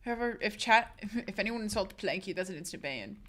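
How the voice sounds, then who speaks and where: A woman's voice: mid-range voice, lively intonation, a little fast, fairly bright tone. A woman streamer, sick, talking frankly and casually straight to her live chat.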